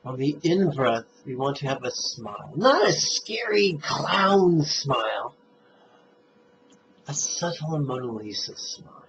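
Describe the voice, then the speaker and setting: A man teaching meditation, speaking in slow, deliberate, emphatic phrases as he gives instruction. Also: mid-range voice. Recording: dull lo-fi recording with faint noise.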